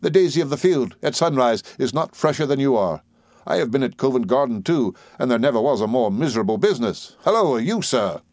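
A man reading an audiobook, voicing a jaunty, self-assured young gentleman. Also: medium pitch, expressive, fairly quick, no room sound, studio quality, voice pushed up, natural voice. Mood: breezy. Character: breezy, confident young gentleman. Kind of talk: audiobook character voice.

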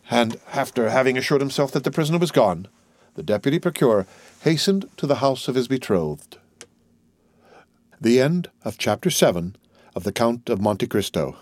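A man reads a classic novel aloud as an audiobook narrator, steady and measured. His voice is of middle pitch for a man. The recording is close and dry, without room echo.

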